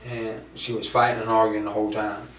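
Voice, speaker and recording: Man, halting suspect voice, low and flat, on distant, dull archival room tape with faint hiss. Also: roomy sound. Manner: hesitant, halting, repeats himself. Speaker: suspect being interrogated. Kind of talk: police interrogation. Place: interrogation room.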